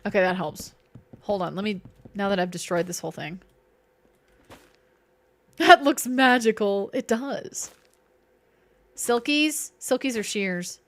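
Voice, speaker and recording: A woman's voice: medium pitch, animated, measured pace, pauses often. A woman streaming a game, chatting playfully with her viewers and herself. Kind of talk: casual live-stream chat while gaming.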